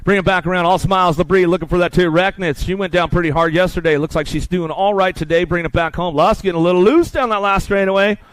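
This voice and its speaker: A man's voice: high voice, fast, few pauses, dry recording. A man calling live races as the announcer, rattling off play-by-play and bantering with the crowd. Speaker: race announcer. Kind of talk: live race commentary.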